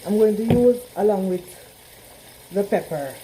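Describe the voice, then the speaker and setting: Speaking in a mid-range voice at an unhurried pace, a woman with a Trinidadian accent chats straight to her viewers in a casual home-kitchen cooking vlog. Frying and sizzling from a pan fill the background, along with other noise.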